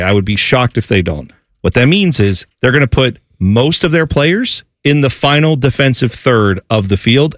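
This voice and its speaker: Animated male sports radio host. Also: mid-range voice, no echo, studio quality. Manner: animated, rambling, jokey. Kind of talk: casual sports chat.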